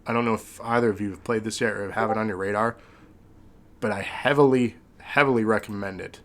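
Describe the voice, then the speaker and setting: A man's voice: fairly low pitch, fairly even intonation, a little fast, a bit bright. A man hosting a podcast, chatting casually in a rambling, sentimental way with many fillers. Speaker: podcast host.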